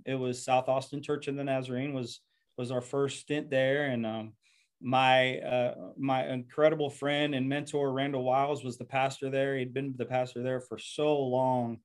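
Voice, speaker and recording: A man who is a pastor, telling his life story in an earnest, reflective interview and often repeating words as he goes. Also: medium pitch.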